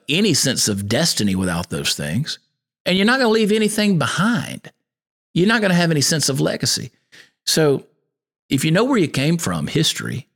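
A man hosting a podcast, talking in a folksy, preacherly monologue that mixes scripture with encouragement. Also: mid-range voice. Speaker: podcast host.

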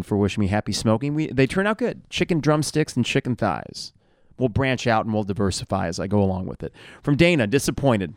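A man's voice: mid-range voice, clear, resonant tone, dry recording, studio quality. A middle-aged man hosting a sports podcast, casually reading listener replies aloud with wry asides. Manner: wry, conversational, reads out comments one after another.

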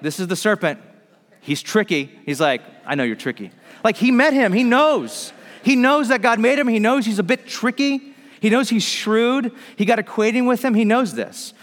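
Male preacher, high-ish voice, animated sermon storytelling, long hall reverb. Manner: animated, lively storytelling with acted-out quotes.

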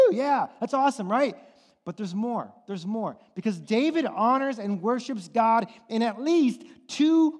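A male pastor preaching a sermon, swinging from hushed, intimate lines to impassioned, near-shouted exhortations. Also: high voice. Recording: long hall reverb.

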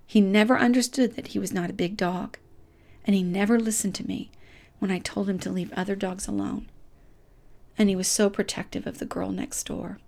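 A woman's voice: medium pitch, vocal fry. A woman telling a personal story from her childhood, emotional and often dropping to a whisper.

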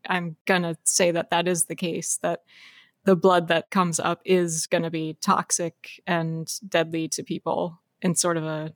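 Woman talking through her idea, lowish voice, dry mic, laughs a lot. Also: no echo. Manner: chatty, laughs often, explains at a quick clip. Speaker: game designer brainstorming a setting. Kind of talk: casual chat.

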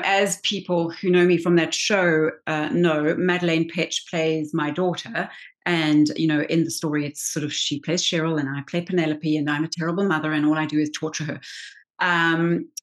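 A woman in her forties, an actress guest telling an animated story with quick restarts in a casual interview. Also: on the low side. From South Africa.

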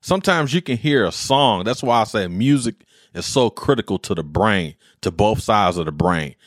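Low-voiced man telling stories, dry sound. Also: expressive, moderate pace, no echo. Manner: rambling, heartfelt storytelling with a military slang edge. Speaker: podcast host. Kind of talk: casual monologue.

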